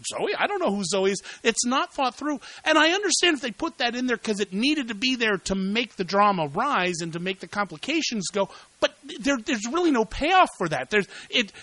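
Animated, bright-voiced male movie reviewer. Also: sits high, no echo, poor audio. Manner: animated, repeats words when worked up. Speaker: podcast host, movie reviewer.

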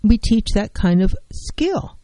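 A woman's voice: mid-range voice, very animated, slow, dark tone, no echo, rough recording. A middle-aged woman counselor giving an earnest, emphatic talk on handling feelings, repeating key phrases to drive them home. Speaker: licensed professional counselor. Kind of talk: educational talk on mental health.

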